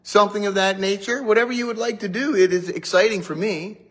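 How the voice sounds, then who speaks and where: A man's voice: high-pitched, fast talker. A middle-aged male pastor chatting casually and joking to his congregation, still getting over a cough. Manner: chatty, joking, animated asides. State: recovering from a cough. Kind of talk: casual morning livestream chat.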